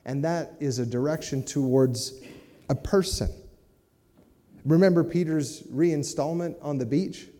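A man delivers a sermon in a relaxed, conversational style and keeps drawing his listeners in with quick checks. His voice sits a little high for a man but has a very dark, mellow tone. The sound rings out with the long tail of a large hall. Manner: conversational preaching, with asides like "right?" and "amen?". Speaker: pastor.

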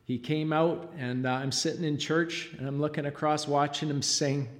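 A middle-aged father giving an emotional church testimony, halting and choked up, with frequent pauses and fillers. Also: fairly high pitch, steady tone. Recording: long reverb of a large hall.

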